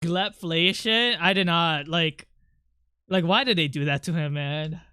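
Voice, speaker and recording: Bright, crisp-voiced rambling male streamer. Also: on the high side, unhurried, no room sound, studio quality. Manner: rambling, chatty, with many fillers and restarts. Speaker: livestreamer. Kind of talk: casual stream chat.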